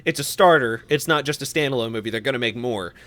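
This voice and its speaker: A man co-hosting a podcast, giving his opinions and swearing casually in relaxed chat. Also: mid-range voice, fast. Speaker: podcast co-host.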